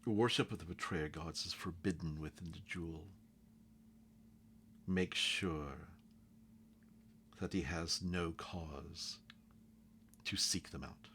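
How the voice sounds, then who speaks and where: A man voicing a stern ruling official who speaks in measured, formal commands. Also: low voice, fairly bright tone, slight background noise, exaggerated voice.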